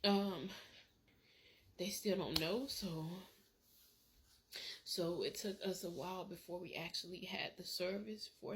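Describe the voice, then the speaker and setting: A grieving woman talks in a personal vlog, halting and repeating herself, her voice tearful. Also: mid-range voice, fairly bright tone, slight background noise. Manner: halting, repeats words, many fillers. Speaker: vlogger.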